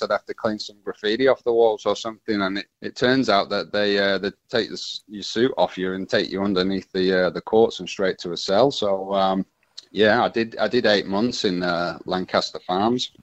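A man, telling his story as a radio interview guest, halting and full of restarts. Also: lowish voice, no echo, highs cut off.

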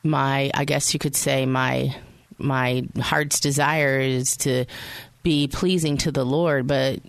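A woman's voice: rumbling low, fairly even intonation, slow pace, no echo. A woman hosting a radio show, telling a personal faith story in a chatty way and speaking straight to her listeners. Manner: chatty, addresses listeners directly.

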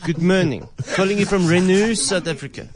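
A man's voice: high voice, a little fast, noisy background, pitched above the performer's own voice, natural voice. A radio host putting on a thick French accent to play a pompous male company boss in a prank call. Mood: mock formal. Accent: put-on French. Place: radio studio.

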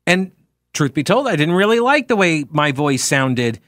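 In a clean, echo-free studio recording, a man with a Long Island accent hosts talk radio in a slightly high, a little nasal, fairly bright voice. He's very animated at a moderate pace, chatting and rambling with wry side remarks into a studio microphone.

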